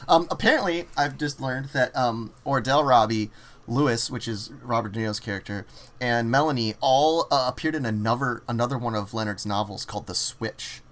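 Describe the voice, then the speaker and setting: A man's voice: mid-range voice, normal speed. A man co-hosting a podcast, telling stories with lots of energy, swearing casually and acting out scenes in casual chat. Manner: animated storytelling, swears casually, acts out scenes. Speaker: podcast co-host.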